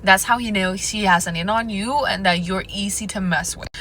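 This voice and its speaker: Young woman, sassy advice vlogger talking to camera, mid pitch, faint background noise. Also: moderate pace, a bit bright, rough recording. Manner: sassy, addresses viewer as girl and honey. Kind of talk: direct-to-camera advice monologue.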